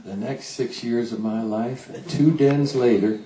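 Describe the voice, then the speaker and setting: An older man, a songwriter, telling a comic story on stage in a folksy, animated way, playing out the people he quotes, to a laughing audience. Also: medium pitch, unhurried, reverberant, distant mic, rough recording.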